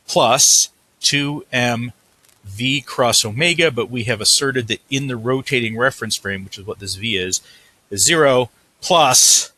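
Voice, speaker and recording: A man works through a physics problem at the board in a recorded lecture, thinking aloud and correcting himself as he writes. His medium-pitched voice sounds pushed and bright, and there's no room sound.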